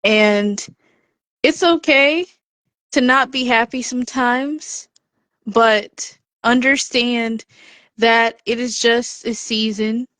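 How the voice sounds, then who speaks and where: Taking it slowly in a voice on the high side, with no echo in the recording, a woman shares a personal story on a podcast. She encourages listeners and, as a lively storyteller, acts out each quoted voice.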